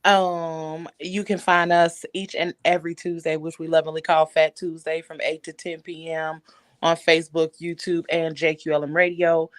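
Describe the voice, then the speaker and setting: A woman's voice: low-pitched, level tone, moderate pace, dry recording, clean studio sound. A woman guest on a casual podcast, upbeat and talkative, explaining her views earnestly. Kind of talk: casual chat.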